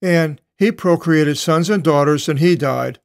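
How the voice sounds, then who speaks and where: Older man, Bible study teacher, very slow halting delivery, slightly high voice, dry close sound. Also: creaky, no room sound. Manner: slow, halting reading with many pauses and self-corrections. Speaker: Bible translator teaching Greek text. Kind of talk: verse-by-verse Bible study commentary.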